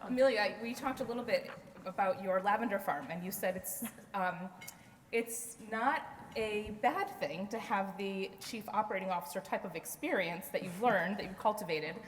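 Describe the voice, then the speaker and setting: A woman's voice: medium pitch, normal speed. A woman chairing an event, thanking the speakers and opening questions in a friendly way. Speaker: event host, committee chair. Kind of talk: hosting a Q&A. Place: event hall. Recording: echoey hall with audience, faint hiss.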